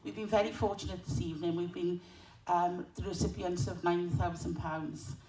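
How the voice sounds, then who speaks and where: Woman with a flat, lowish voice, hesitant thanks, recorded from afar in an echoey hall. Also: normal speed, far from the mic. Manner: hesitant, with many "um"s. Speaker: school representative accepting an award. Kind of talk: short thank-you speech.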